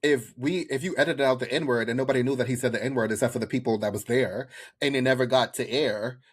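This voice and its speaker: A male podcast co-host in casual conversation, speaking bluntly and with animation. His voice sits at an ordinary middle pitch. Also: fast talker, husky. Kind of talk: casual chat.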